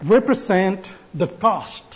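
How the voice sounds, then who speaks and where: Guy giving a sermon, high-pitched, slow and careful. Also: lively intonation, husky, lo-fi sound. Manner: slow, deliberate delivery with pauses and restarts. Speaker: preacher.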